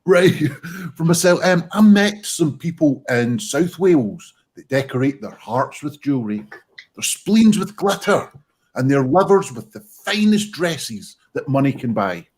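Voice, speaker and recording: A British man runs an online pun contest, calling on players and reading out scores with plenty of self-mocking jokes. His voice sits a little high and has a husky edge. He talks casually over a video call. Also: sing-song, a little slow, a little mellow. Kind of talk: casual online comedy chat.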